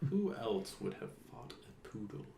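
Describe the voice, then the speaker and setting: A man's voice: on the low side, very animated, a little slow, creaky, warm tone, slight background noise. A man co-hosting a podcast in casual chat, rambling with many fillers and laughing easily. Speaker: podcast co-host. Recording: roomy echo.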